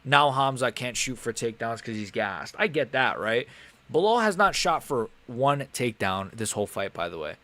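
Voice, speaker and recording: A young man with a mid-range voice speaks at normal speed as an MMA streamer casually commentating a live fight. He swears, gets animated and frustrated, and often grumbles under his breath.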